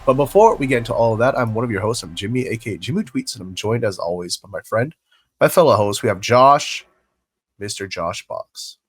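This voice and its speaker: A young man hosts a laid-back podcast, sounding congested and a little hoarse as his voice recovers. He rambles along, restarting sentences and filling gaps with ums and likes. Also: lowish voice, animated, fairly quick. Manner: rambling, lots of fillers and restarts. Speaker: podcast host. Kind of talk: casual podcast chat.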